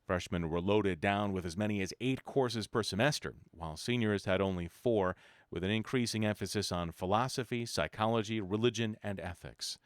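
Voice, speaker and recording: Low-voiced man reading a book aloud. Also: no room sound, clean studio sound. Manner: measured, even reading with occasional self-corrections. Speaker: reader.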